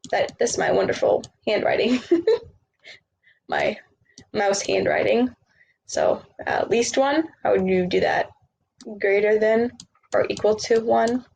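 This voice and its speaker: A woman teaching grammar, patiently walking through example sentences with quick question-and-answer drills. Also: mid-range voice, vocal fry, slight background noise, rough recording. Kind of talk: grammar lesson over written examples.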